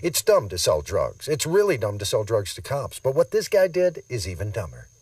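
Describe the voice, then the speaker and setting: A man's voice: fairly low pitch, huge pitch swings, moderate pace, darkish tone, no room sound, distant mic. A man hosting a jokey TV crime show, narrating with a wry, punchy delivery. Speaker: host. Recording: TV audio with music behind, from off mic.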